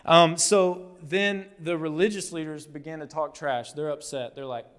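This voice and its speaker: A man's voice: fairly high pitch, unhurried, clear, resonant tone. Guy preaching, casual storyteller vibe, acts out quotes, big echoey church hall. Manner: conversational, animated storytelling with acted-out quotes. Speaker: pastor. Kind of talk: sermon. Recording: long hall reverb.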